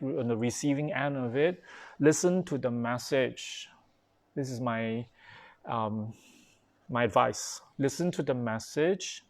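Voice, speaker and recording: Live-streaming a dharma talk, a Buddhist pastor with a medium-pitched voice keeps his manner loose and chatty. Fillers and restarted sentences come often, and he pauses now and then to reply to comments from his viewers.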